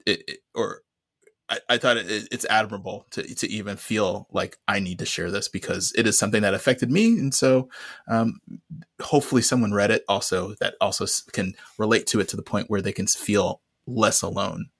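A man co-hosting a podcast, speaking earnestly with frequent halting restarts. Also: on the low side, fairly even intonation, fairly bright tone, slightly rough, no room sound, studio quality. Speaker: podcast co-host. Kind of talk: casual conversation.

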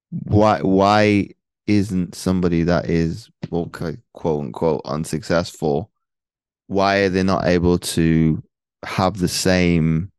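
A man's voice: low-pitched, darkish tone, clean tone, no room sound. A man hosting an interview, asking long, rambling questions with many restarts. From North Wales. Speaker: podcast host. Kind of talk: casual interview.

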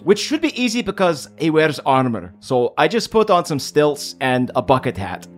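Jokey animated man at a game table. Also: on the high side, moderate pace, faint music behind. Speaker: player. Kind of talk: casual tabletop play.

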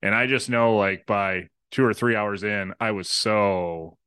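Bright-voiced man swapping a drinking story. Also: lowish voice, unhurried, smooth, dry recording, clean studio sound. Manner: laughing, jokey, swears. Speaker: podcast co-host. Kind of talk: casual podcast chat.

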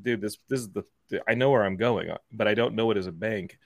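Man, forties, podcast host, casual storytelling, gravelly, acts out voices. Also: fairly low pitch, a little fast, no room sound, clean studio sound. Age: 40s. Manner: animated, acts out dialogue in quoted voices.

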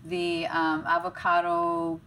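An older woman, a grandmother, talking casually as a podcast guest, relaxed and trailing off. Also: lowish voice, takes it slowly, slight background noise. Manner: relaxed, trails off mid-sentence. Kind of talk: casual chat.

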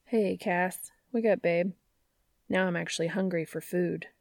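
Storybook role: a cheeky young boyfriend, voiced by a woman in her own gravelly tone, quick to tease. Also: lowish voice, steady tone, a little mellow, dry recording, clean studio sound. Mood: teasing. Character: playful cocky young man, teasing boyfriend. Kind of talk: audiobook fiction reading.

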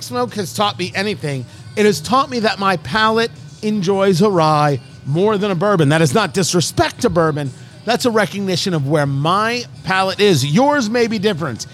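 High-pitched, quick-talking male podcast host. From New Jersey, USA. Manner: quick, animated, jokey, talks over others. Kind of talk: casual chat.

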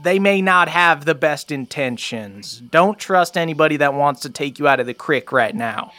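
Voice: medium pitch, lively intonation, moderate pace, bright, forceful tone, no room sound. A game master voicing an old woman, the wary elder of the clan, giving folksy, grave counsel. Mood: warning.

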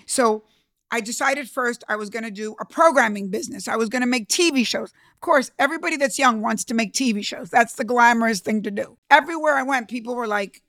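A woman's voice: fairly high pitch, brisk, a bit bright, no room sound, studio quality. A middle-aged woman hosting a podcast, telling her own business story in an earnest, emphatic way. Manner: earnest, emphatic, repeats herself when moved. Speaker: podcast host. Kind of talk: personal storytelling.

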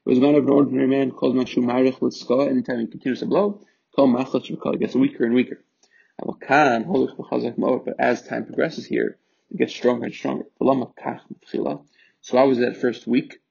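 Line by line, a man works through a Torah text, first reading the Hebrew aloud and then explaining it in English, stumbling through fillers and restarts. His voice is gravelly yet warm, pitched in the middle, and the lo-fi recording sounds muffled.

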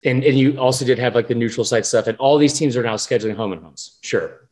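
A man co-hosting a sports podcast, talking in a rambling, animated, profane way. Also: mid-range voice, fast talker. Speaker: podcast co-host. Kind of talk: casual sports chat.

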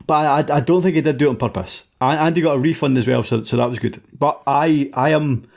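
A man's voice: fairly high pitch, a little fast, vocal fry, darkish tone. A man on a podcast, teasing his friends and talking at length with many restarts. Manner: teasing, wordy, restarts often. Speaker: podcast co-host. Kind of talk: casual podcast chat.

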